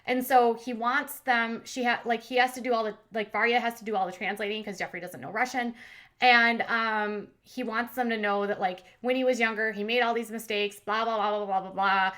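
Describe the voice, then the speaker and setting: A woman's voice: a little high, steady tone, a little fast, fairly bright tone. A woman hosting a commentary channel, recapping reality TV in a chatty, sarcastic way with lots of fillers.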